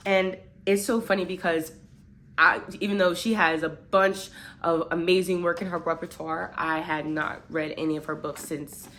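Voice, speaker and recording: A young woman casually reviewing a book, chatty and animated, with a lot of fillers as she talks. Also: fairly low pitch, moderate pace, a little hiss or hum.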